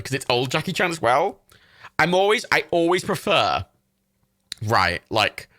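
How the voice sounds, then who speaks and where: A man's voice: mid-range voice, pushed and bright, no echo. Young guy from ireland gushing about movies on his stream, bouncy voice, dry close mic, swears a lot. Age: 20s. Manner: rambling, enthusiastic, swears freely, many fillers. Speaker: livestream host. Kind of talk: casual chat while browsing films.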